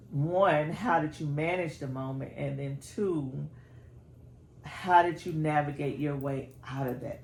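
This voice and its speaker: Woman host, slow and measured, gravelly fry in her voice, roomy echo. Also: deep voice, darkish tone. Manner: slow, measured, supportive questioning. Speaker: podcast host. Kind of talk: interview. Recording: echoey room with faint background noise.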